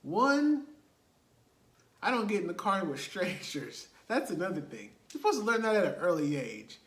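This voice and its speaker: A man's voice: sits high, very animated, normal speed, a bit bright, echoey room. A man, casually retelling a movie plot with laughs and rhetorical asides. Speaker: movie reviewer.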